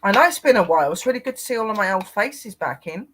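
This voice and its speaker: A man's voice: high voice, expressive, fast, pushed and bright, slight background noise. A man co-hosting a casual paranormal livestream, rambling and greeting viewers by name.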